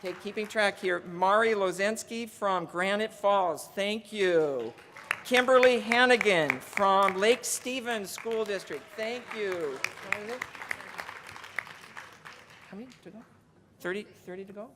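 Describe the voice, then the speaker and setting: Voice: mid-range voice, unhurried, crowd noise, noisy background. A union legislative presenter giving a chatty conference speech, reading out donor names and counting down. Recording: long reverb of a large hall.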